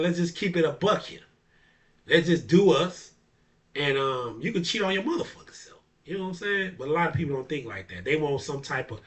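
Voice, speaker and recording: A barber talks straight to camera in a loose, profane monologue, laughing often and leaning on stock phrases. His voice is bright and forceful, picked up from a little distance from the mic. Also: mid-range voice. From Chicago area. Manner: blunt, profane, laughs often, repeats "you know what I'm saying". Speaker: barber and DJ hosting a talk video. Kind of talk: casual monologue.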